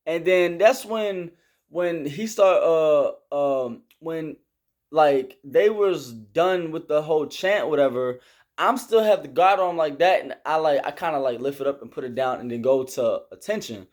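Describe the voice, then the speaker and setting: A man's voice: a little high, unhurried. A young man telling a story about basic training in a casual, slangy vlog style, with lots of fillers. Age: young adult. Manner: slangy and animated, with many fillers. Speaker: army recruit telling a story.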